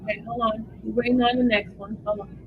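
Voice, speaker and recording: A woman hosts a livestream and talks her viewers through updates as they come in, swinging between eager and emotional. Her voice sits a little high, with a faint hiss of noise underneath. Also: fast talker, phone-quality sound. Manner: animated, emotional, addresses viewers as y'all. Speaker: livestream host. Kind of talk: live commentary reading updates aloud.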